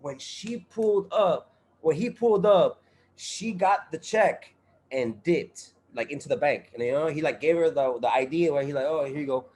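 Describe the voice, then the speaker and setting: A man's voice: on the high side, normal speed, darkish tone. A man guest on a podcast, telling a story in casual chat, full of profanity, street slang and fillers.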